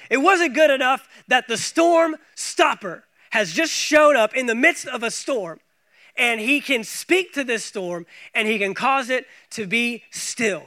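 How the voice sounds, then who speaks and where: A man preaching a sermon as pastor, emphatic and repetitive, swinging from hushed lines to loud ones. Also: extremely high pitch. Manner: emphatic, swings from quiet to loud, repeats phrases.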